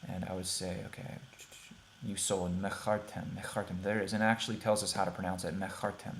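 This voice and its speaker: Patient man slowly modeling Hebrew words. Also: deep voice, level tone, slight background noise. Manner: plain, conversational, thinks aloud with fillers. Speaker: Hebrew teacher. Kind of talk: screen-share language lesson.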